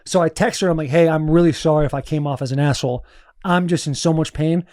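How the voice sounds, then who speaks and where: A man in his thirties, a former football player co-hosting a podcast, telling a story in animated, profane casual chat from a studio. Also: fairly high pitch, quick pace, no echo.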